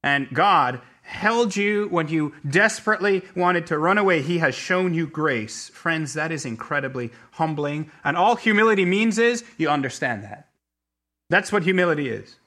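A middle-aged man preaching a sermon, telling a story with many restarts and swinging between quiet asides and emphatic peaks. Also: fairly high pitch, animated, moderate pace. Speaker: pastor.

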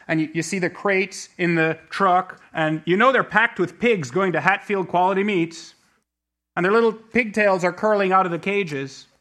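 Bright-voiced preacher telling a story. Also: male voice, a little high. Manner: storytelling preacher, many restarts, swings between quiet and emphatic. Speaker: pastor. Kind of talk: sermon.

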